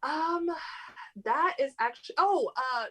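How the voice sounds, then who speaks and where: A woman's voice: high voice, animated, takes it slowly, pushed and bright, rough recording. A young adult woman, a guest actress, chatting casually in an interview with lots of fillers and laughs.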